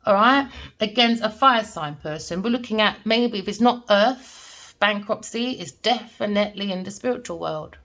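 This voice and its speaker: A woman with a Jamaican family background, a tarot reader telling stories and giving a reading in an animated, emphatic way. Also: mid-range voice, moderate pace. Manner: animated, emphatic, repeats points with "all right?". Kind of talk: casual storytelling and tarot reading.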